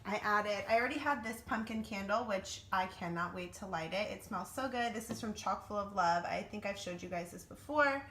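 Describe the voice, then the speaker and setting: A woman's voice: medium pitch, fairly quick, hardly any pauses, a bit bright, reverberant, slight background noise. A young woman in a casual home vlog, chatty and upbeat, talking straight to her viewers as she walks between rooms with a handheld camera. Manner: chatty and upbeat, often says "you guys". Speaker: vlogger.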